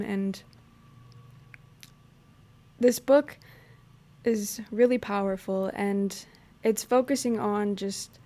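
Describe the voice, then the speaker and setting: A young woman hosting her own podcast, talking through a personal story in a casual, reflective way, with lots of "you know" and "like". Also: mid-range voice. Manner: relaxed, chatty, frequent "you know" and "like". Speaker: podcast host.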